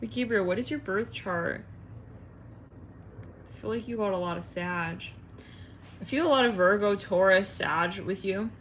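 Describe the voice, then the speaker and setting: A woman's voice: mid-range voice, measured pace, pauses often, slight background noise. A woman hosting an astrology live stream, chatting in a rambling, giggly way with her viewers.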